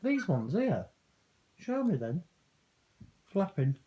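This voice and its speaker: A woman's voice: lowish voice, big pitch swings, takes it slowly, warm tone, dull audio, slight background noise. A woman talking casually to her pet parrot, coaxing and teasing it with playful swearing. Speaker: parrot owner.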